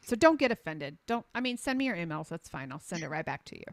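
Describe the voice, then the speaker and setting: Lowish and fast, a middle-aged woman's voice comes through a dry recording as she argues passionately, conversationally, as a health coach. She drives her points home through repetition and performs the quotes in her lively stories.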